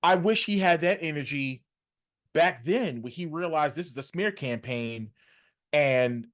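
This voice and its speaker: A man's voice: expressive, unhurried, fairly bright tone. Man hosting a casual podcast. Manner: conversational, emphatic, rising pitch when reacting. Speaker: podcast host.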